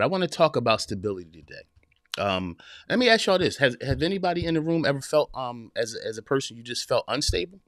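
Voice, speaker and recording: Clean studio audio with no room sound captures a man in his forties with a mid-range, fairly bright voice. As host of a live-streamed motivational podcast, he preaches to listeners in a relaxed, direct way, restating his points and addressing them as "y'all" and "man."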